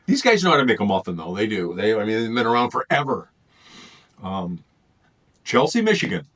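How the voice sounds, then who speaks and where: Casual male food vlogger, lively up-and-down delivery, loose and rambling. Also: on the low side, fairly quick. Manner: rambling, thinks aloud between bites. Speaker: food reviewer. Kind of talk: casual taste-test vlog.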